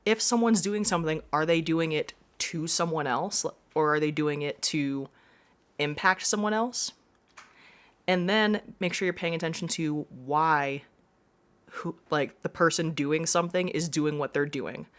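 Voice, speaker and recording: A woman's voice: low voice, measured pace. A woman teacher giving a classroom lesson, explaining step by step with frequent reminders.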